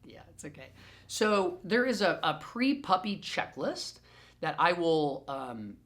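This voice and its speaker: A man who trains dogs, answering questions in a recorded group session in an animated, playful way and repeating phrases for emphasis. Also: on the high side, takes it slowly. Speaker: dog trainer. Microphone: self-recorded camera.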